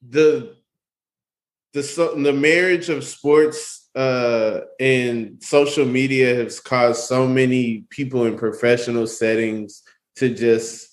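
Slow-talking man musing on a podcast. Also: mid-range voice. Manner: slow, thoughtful, trails into restarts. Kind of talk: casual chat.

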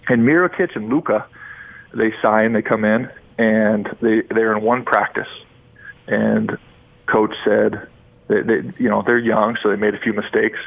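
A man's voice: lowish voice, fairly even intonation, unhurried, creaky, no echo. Man talking over a tinny phone line. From Utah. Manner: rambling and enthusiastic, frequent restarts. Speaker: former pro basketball player, guest. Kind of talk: sports radio phone interview.

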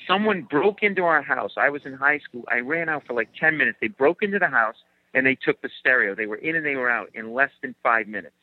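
A man, a comedian guest, telling comic stories in an animated way and acting out the people in them. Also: mid-range voice, fast talker, dry recording, phone-quality sound. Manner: animated storyteller, acts out quotes, laughs often. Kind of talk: comic storytelling.

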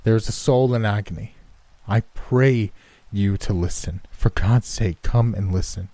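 A man's voice: sits low, fairly even intonation, moderate pace, dark tone, slightly rough, no room sound. A man doing an urgent, pleading old-time doctor. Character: troubled middle-aged male doctor, earnest and pleading.

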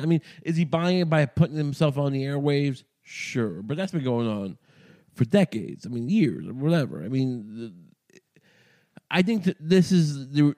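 This podcast host from New York has a voice on the high side with a dark tone. He rants casually, rambling, swearing and sounding sardonic while frequently restarting.

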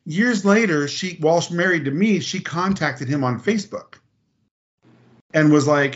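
A man telling personal stories in a casual podcast chat, animated and blunt, acting out quotes and swearing freely. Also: a little high, moderate pace, muffled recording. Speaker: podcast guest.

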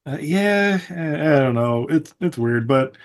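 A man co-hosting a movie podcast, rambling through a plot recap and laughing often. His voice sits a bit higher than most men's. The talk is loose and jokey, full of fillers and restarts. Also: animated, measured pace. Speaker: podcast co-host. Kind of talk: casual movie-recap chat.

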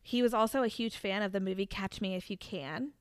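A woman's voice: mid-range voice, fairly even intonation, brisk, dry recording, clean studio sound. Woman telling a true crime story. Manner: dramatic reveals, trailing restarts. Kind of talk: casual storytelling chat.

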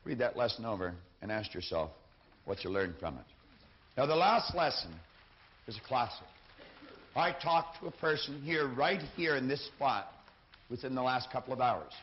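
A man's voice: medium pitch, lively intonation, normal speed. Emphatic man lecturing, dull lo-fi sound. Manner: emphatic, repeats key phrases. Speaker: seminar speaker. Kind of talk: motivational lecture. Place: lecture stage with a lectern. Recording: dull lo-fi recording.

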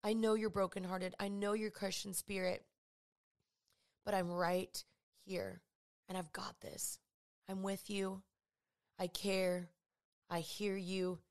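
A woman voicing Jesus as a gentle, comforting man who speaks softly and reassuringly. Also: mid-range voice, measured pace, close to an everyday voice. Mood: tender. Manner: soft, tender, reassuring.

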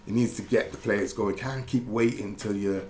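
A man's voice: fairly low pitch, steady tone, normal speed, darkish tone. A man, a former footballer, telling rambling stories in casual chat, laughing and correcting himself as he goes. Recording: roomy echo with faint background noise.

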